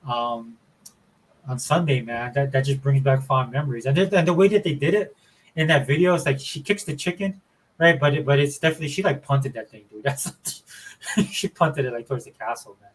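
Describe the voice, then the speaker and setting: Male host, casual gaming chat, rambling excited delivery, tosses in "dude" and "man". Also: medium pitch, brisk, breathy edge, low-quality recording. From Florida. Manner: rambling and enthusiastic, says dude and man a lot. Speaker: show host.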